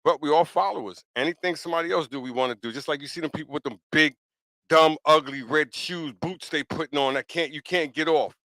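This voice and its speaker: Brisk, pushed and bright, this fairly high-pitched man's voice comes through a dry recording as he hosts a podcast. He shares his views in an insistent, blunt, repetitive way, frequently asking the listener "you know what I'm saying."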